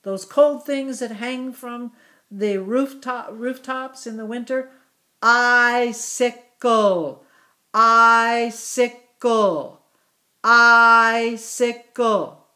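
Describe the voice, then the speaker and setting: A middle-aged woman teacher leading a phonics drill for children, repeating each word slowly and encouraging them. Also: a little high, steady tone, a little mellow. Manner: slow, encouraging, exaggerated word repetition.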